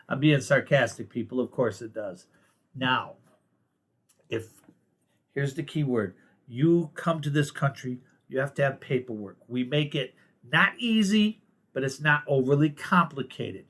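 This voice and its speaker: A man's voice: medium pitch, lively intonation, a little slow, fairly bright tone. Host, male, American. Blunt, opinionated monologue, casual and sarcastic, mid-range voice. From United States. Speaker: political commentary host.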